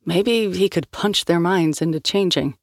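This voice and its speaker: A woman reads a novel aloud as an audiobook narrator, in a measured storytelling manner. The sound is dry and close, with no room echo. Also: lowish voice.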